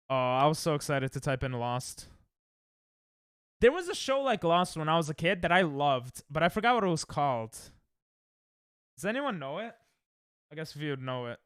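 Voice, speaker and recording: A young male streamer chats casually and reacts out loud as he plays, his slightly high voice smooth and clear. He sounds a little tired, and his pitch swings widely. The sound is dry and close. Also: moderate pace, long pauses, no room sound. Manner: excitable, reactive, thinks aloud. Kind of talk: casual live-stream chat while playing games.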